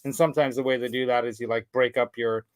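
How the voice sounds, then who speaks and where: A man hosting a casual show, telling a story in a rambling, animated way with laughs. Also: medium pitch, fast, dry recording, low-quality recording. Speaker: show host. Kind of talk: casual chat.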